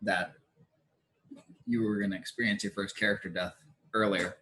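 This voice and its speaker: A man playing in a tabletop game, speaking in a slow, laid-back, casual way. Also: fairly low pitch, fairly even intonation, bright, forceful tone. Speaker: player.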